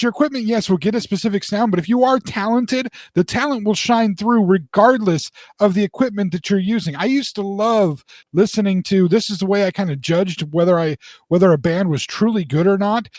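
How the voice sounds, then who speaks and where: Man, 40s, podcast co-host; higher-pitched voice, dry and close, chatty storyteller who restarts his sentences. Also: no echo. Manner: rambling, animated storyteller with restarts. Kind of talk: casual storytelling chat.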